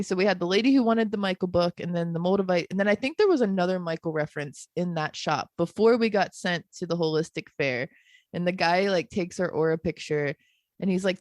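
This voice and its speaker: A woman co-hosting a podcast, chatting casually in long, lively run-on stories. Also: fairly low pitch, dry recording, clean studio sound. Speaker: podcast co-host. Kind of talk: casual chat.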